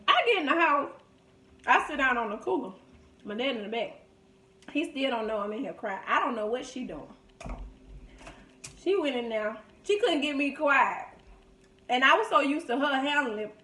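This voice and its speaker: High voiced woman vlogging, dramatic storytelling, roomy echo. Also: measured pace, pauses often. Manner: animated, dramatic retelling with loud laughing outbursts. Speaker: mukbang vlogger. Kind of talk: storytelling while eating. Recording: echoey room.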